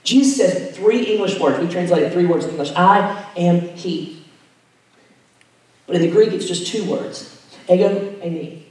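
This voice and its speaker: A man preaching a sermon, retelling a scripture story, dropping to hushed tones and rising to emphatic ones. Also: high-pitched, a little slow, pauses often. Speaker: pastor. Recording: echoey hall, mic at a distance.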